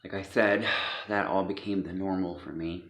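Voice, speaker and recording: Deep, gravelly man giving personal testimony. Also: steady tone, fairly bright tone. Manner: hesitant, many pauses and fillers. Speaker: speaker sharing a personal story. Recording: echoey dull lo-fi room.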